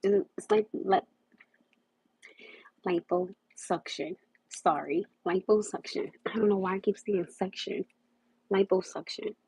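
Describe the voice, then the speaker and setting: A woman's voice: mid-range voice, normal speed, a little mellow, breathy edge, no room sound. A young woman hosting a casual livestream, rambling and repeating herself as she talks. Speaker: livestream host. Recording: muffled lo-fi livestream audio.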